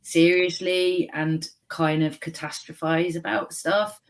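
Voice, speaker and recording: A woman, a comedian guest on a radio show, speaking in a halting, thoughtful way with fillers and sudden quick runs. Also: fairly low pitch, steady tone. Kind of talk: casual chat.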